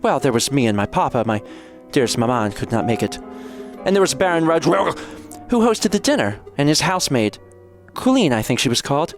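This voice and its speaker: A man's voice: mid-range voice, sing-song, brisk, soft background music. A man voicing a young noble cat girl who is sweet, chatty and naive, talking in a bubbly, breathless way.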